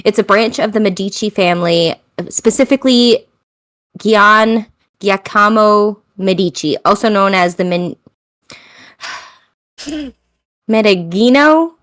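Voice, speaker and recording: A woman's voice: medium pitch, slow, long pauses, fairly bright tone. A woman co-hosting a podcast in casual chat, reading from her research notes, full of ums, stumbling over foreign names and apologizing for it. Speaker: podcast co-host.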